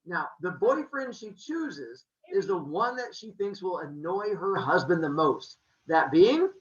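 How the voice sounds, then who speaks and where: A man casually retelling Greek myths in a jokey, animated way, pointing out posters in an indoor room. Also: sits high, measured pace. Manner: animated, jokey, uses 'like' for quotes. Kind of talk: casual comic myth retelling. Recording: echoey dull room sound.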